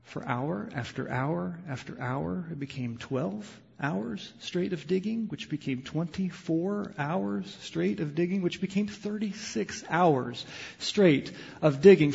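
A male pastor preaching a sermon, moving between loud, impassioned emphasis and quiet, hushed storytelling. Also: on the high side, creaky, husky. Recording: lo-fi sound with long hall reverb.

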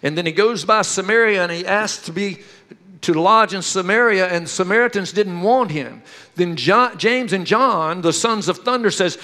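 High-voiced man preaching a sermon. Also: moderate pace, long reverb tail. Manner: animated storytelling with questions to the congregation. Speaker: pastor. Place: church.

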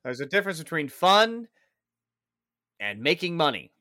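A man's voice: fairly high pitch, sing-song, moderate pace, pushed and bright, dry recording, studio quality. A man co-hosting a casual gaming podcast, joking and ranting with a lot of swearing. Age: adult father of three. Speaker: podcast co-host.

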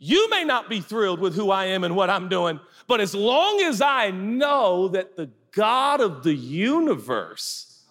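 Pastor guy preaching, chatty and jokey but punchy, kinda high voice, big hall echo. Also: big pitch swings, a little slow, a bit bright. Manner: conversational, humorous, emphatic preaching. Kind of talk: sermon. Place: large theater. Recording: live hall reverb.

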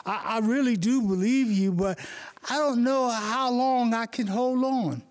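A man's voice: very high-pitched, unhurried, voice pushed up. A man voicing a frightened climber hanging from a cliff, pleading and stammering.

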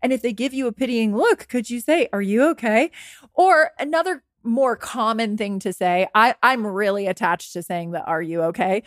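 Casting: thirties woman, podcast coach, higher voice, dry close sound, animated mimicry of dialogue. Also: normal speed, hardly any pauses, no room sound. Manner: animated, acts out quoted lines in a higher voice. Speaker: dating coach. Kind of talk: podcast monologue.

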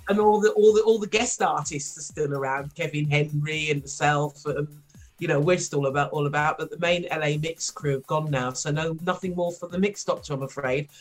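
A middle-aged woman from Wolverhampton with a mild West Midlands accent, chatting as a podcast guest, laughing often and filling pauses with ums. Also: sits low, faint music behind. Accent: mild West Midlands English. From Wolverhampton, England. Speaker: guest, former rapper. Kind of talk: podcast interview.

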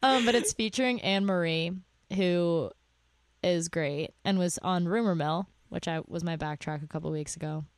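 A woman's voice: on the low side, moderate pace, no room sound. A woman co-hosting a podcast, chatting casually about music, laughing often and swearing freely. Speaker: podcast co-host.

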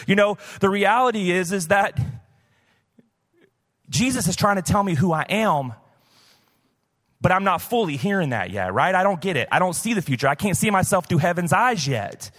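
Pastor, male, 50s, from the southern US; casual storytelling sermon, lightly raised pitch, live hall echo. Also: animated, normal speed, a bit bright. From southern United States. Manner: conversational, personal storytelling with many "like" fillers. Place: church, recorded live. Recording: live church hall reverb.

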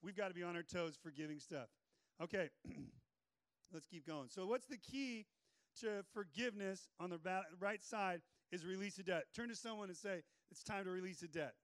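A male pastor preaching a sermon in an energetic, joking way with playful asides. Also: high voice, normal speed, no echo.

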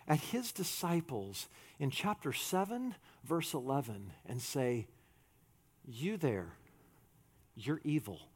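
A man preaching a sermon as a pastor, animated, swinging from loud to hushed and acting out quotes. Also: fairly high pitch, slightly rough.

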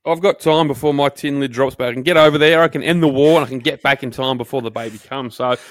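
A man's voice: mid-range voice, fairly even intonation, quick pace, dry recording. Aussie guy ranting on his podcast, sweary, says mate nonstop, dry close sound. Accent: Australian. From Australia. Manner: profane, fired-up ranting with constant "mate". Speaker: podcast co-host. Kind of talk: casual comedic podcast rant.

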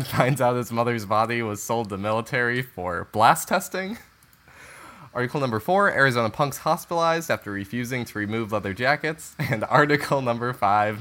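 A man co-hosting a casual podcast, reading out news headlines deadpan with dry teasing. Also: medium pitch.

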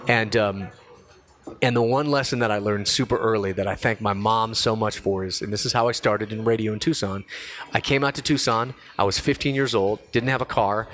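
A man in his forties, a radio host by trade, chats casually on a podcast. He tells a story in a slangy, animated way and throws himself into quoted voices along the way. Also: fairly low pitch, brisk.

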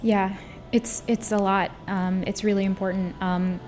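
A woman's voice: medium pitch, level tone, unhurried, a little mellow, a little hiss or hum. A woman, a guest on a radio show, talking in an earnest, thoughtful way with many fillers. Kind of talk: casual interview.

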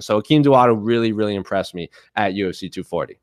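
A man's voice: lowish voice, fast, no room sound, clean studio sound. Chatty, jokey male podcast co-host. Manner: enthusiastic, jokey, many fillers. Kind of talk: casual chat.

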